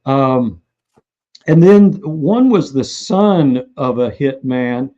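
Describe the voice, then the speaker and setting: A man, an author being interviewed, telling lively stories and acting out what people said. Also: medium pitch, very slow, lo-fi sound. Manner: animated anecdotal storyteller who acts out quotes. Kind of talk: interview storytelling.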